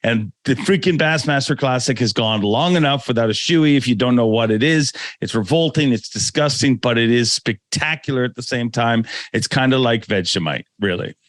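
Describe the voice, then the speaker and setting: Dry-sounding animated man hosting a chat. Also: medium pitch, moderate pace, hardly any pauses, dry recording. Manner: animated, laughing, swears casually. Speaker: podcast host. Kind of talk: casual chat.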